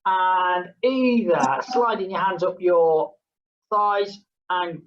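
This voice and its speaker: A woman's voice: on the low side, steady tone, slow pace, muffled recording. A woman leading a group exercise class, chatting between count-downs and humming playful sounds. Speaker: fitness instructor.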